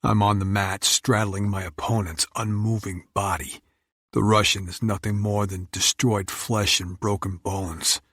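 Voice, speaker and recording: A man narrating a first-person romance audiobook in an intense, measured, brooding way. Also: on the low side, fairly even intonation, a bit bright, husky, no echo, studio quality.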